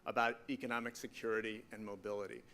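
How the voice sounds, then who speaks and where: Earnest man giving a bright welcome speech. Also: lowish voice, steady tone, fast talker. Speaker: executive director giving a speech. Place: event hall stage. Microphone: stage microphone.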